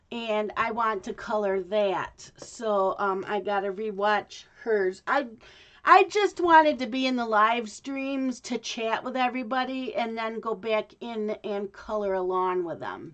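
A woman chats slowly and casually to her viewers, drifting from one thing to the next with plenty of ums and false starts. Her voice sits a little high for a woman. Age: adult. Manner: rambling, chatty, with many ums and restarts. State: hiccups. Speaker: craft vlogger. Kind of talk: casual chat to camera.

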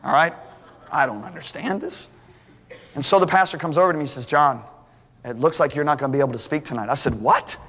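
Animated guy preaching, bright high voice, long hall echo, acts out every line. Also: quick pace, long pauses. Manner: animated, acts out dialogue, restarts. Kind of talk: storytelling sermon. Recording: hall reverb.

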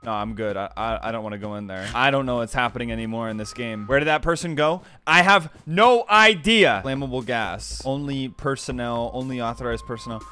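A young man commentating his gameplay, easily spooked and prone to yelps and shouts. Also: medium pitch, a little fast, few pauses, clean tone, soft background music. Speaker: gamer being pranked.

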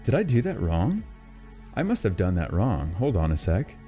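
A man with a fairly low voice talks through opening card packs in a loose, rambling way. He gets excitable and gushing when something good turns up, and faint music plays behind him. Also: moderate pace. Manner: chatty, excitable, gushing over pulls. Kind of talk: casual unboxing commentary.

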